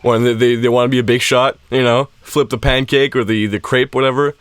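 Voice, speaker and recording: A man's voice: medium pitch, level tone, a little fast, clear, resonant tone, no room sound, clean studio sound. A young man co-hosting a casual chat, laughing often and acting out quoted lines in swearing banter. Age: young adult. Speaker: podcast co-host.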